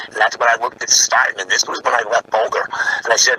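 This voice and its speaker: A man's voice: medium pitch, steady tone, fast, bright, forceful tone, a little hiss or hum, low-quality recording. A man in casual conversation telling a heated story, swearing and calling his listener bro. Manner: heated storytelling, profane, says bro a lot.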